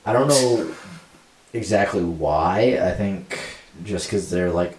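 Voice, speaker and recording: A man's voice: sits low, slow pace, darkish tone, recorded from a distance. A young man co-hosting a podcast in casual chat, rambling with lots of fillers and laughing easily. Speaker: podcast co-host. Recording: roomy sound from off mic.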